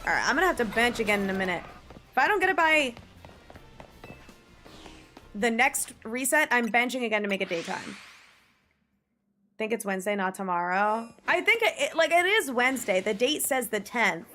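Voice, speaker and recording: A woman streaming a game live, chatting casually and breaking into frantic shrieks and shouts when she gets scared. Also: on the high side, lively intonation, moderate pace, pauses often, faint music behind.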